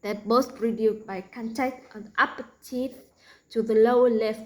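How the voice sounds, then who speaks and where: A woman with a Vietnamese accent teaching a pronunciation lesson, slowly repeating practice words for learners. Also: on the high side, fairly even intonation, low-quality recording.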